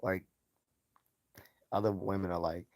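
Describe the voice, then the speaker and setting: A man's voice: low-pitched, flat delivery, measured pace, dry recording. A man hosting a live stream in a casual commentary style, loose and mocking, chuckling often and swearing freely.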